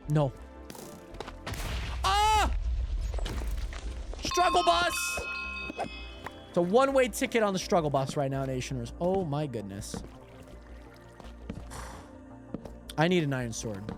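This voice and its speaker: A young man live-streaming a game, chatting excitably to his viewers and greeting them by name, with lots of "like" and "hold on". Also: on the high side, normal speed, long pauses, music in the background. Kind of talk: casual livestream chat while gaming.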